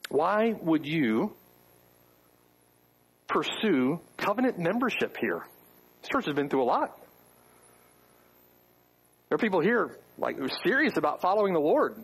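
A man's voice: on the high side, big pitch swings, a little slow, pauses often, husky, low-quality recording. A man preaching a sermon to his congregation, firing off rhetorical questions with wry asides. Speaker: pastor. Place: church.

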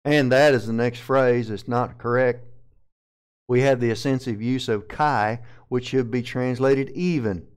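A man with a Southern American accent gives a methodical Bible lesson from the pulpit, working through Greek grammar one term at a time. His voice is smooth and resonant, at an ordinary pitch for a man. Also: fairly even intonation, measured pace. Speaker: pastor. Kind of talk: verse-by-verse Bible teaching.

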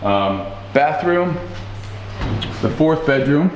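A man's voice: fairly high pitch, expressive, takes it slowly, highs cut off. Laid-back man vlogging. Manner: laid-back, slangy, rambling. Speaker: fitness vlogger. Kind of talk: casual vlog tour. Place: house tour, indoors and out. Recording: echoey room, faint background noise.

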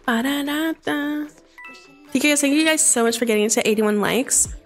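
A woman streaming a game live, chatting with viewers in a bubbly, excitable way and breaking into sudden squeals. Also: fairly high pitch, quick pace. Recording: faint game music behind.

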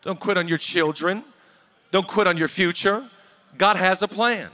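A male pastor with a high voice preaches a conference sermon a little slowly, sharing a personal story and erupting into shouted exhortations.

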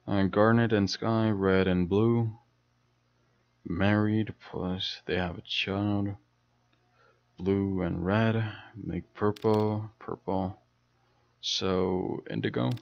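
A man's voice: fairly low pitch, little pitch movement, extremely slow, gravelly, dry recording. A man casually commenting while playing a horror game, muttering, thinking aloud and swearing often. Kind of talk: casual let's play commentary. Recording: dull lo-fi mic with faint noise.

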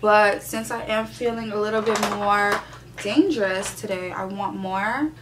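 A woman's voice: mid-range voice, a little slow, background noise. A young woman doing a casual makeup tutorial, sassy and playfully profane, hyping herself up as she works. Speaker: beauty vlogger.

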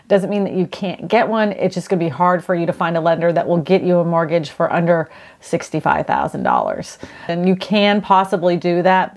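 A woman real estate agent talks viewers through cheap house listings in a relaxed, chatty vlog. Her voice sits a bit low for a woman. She gets excited over cute homes.

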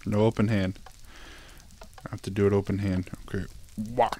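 A man's voice: fairly low pitch, flat delivery, moderate pace, dark tone. A young man commenting on his own gameplay, laughing often, swearing and pleading with the game. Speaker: gaming YouTuber. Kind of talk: let's play commentary.

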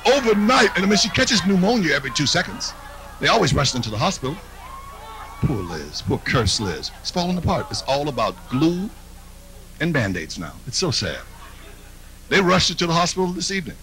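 A man's voice: on the high side, big pitch swings, brisk, rough recording. A man performing a live stand-up routine, brash and mocking, with confiding asides to the crowd. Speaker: stand-up comedian. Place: comedy stage.

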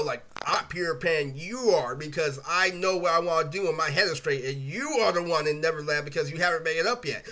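A man's voice: fairly high pitch, a little fast, hardly any pauses, pushed and bright. A young man vlogging a rambling, profanity-heavy rant to camera, full of 'like' and 'literally'. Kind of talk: ranting monologue to camera.

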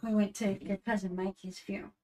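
A woman's voice: medium pitch, little pitch movement, quick pace, warm tone. Female co-host, chatty, asks questions, casual tone. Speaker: host's partner, co-host. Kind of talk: casual chat.

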